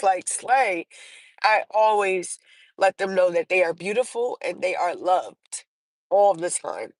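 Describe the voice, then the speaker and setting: Woman, livestream host, casual storytelling, unhurried, rambling with fillers, dry sound. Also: on the low side, dry recording, poor audio. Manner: rambling, many fillers and restarts.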